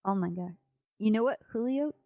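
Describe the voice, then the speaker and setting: A woman's voice: mid-range voice, animated, normal speed, warm tone, dry recording. Young woman, blunt and sweary, in-character role-play chat; dry close sound.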